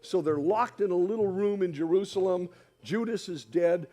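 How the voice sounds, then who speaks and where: A man's voice: high-pitched, normal speed, dark tone, soft background music. A man speaking at a church dinner, teaching the audience in a friendly way and coaxing them to repeat after him. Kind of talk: sermon-style teaching. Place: hall with an audience.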